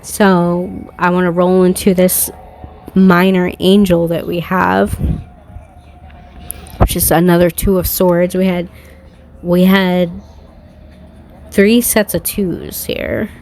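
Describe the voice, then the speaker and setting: Woman giving a slow tarot reading. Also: fairly low pitch, level tone, gravelly, darkish tone. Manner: profane, heated ranting with bursts of laughter; slow, deliberate reading aloud. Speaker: tarot card reader. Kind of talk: casual spiritual card reading.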